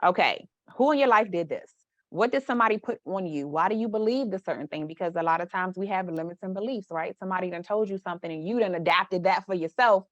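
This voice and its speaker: A woman's voice: lowish voice, fast talker, dry recording, muffled recording. A woman who works as a mindset coach, talking frankly and emphatically as a podcast guest. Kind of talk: casual podcast conversation.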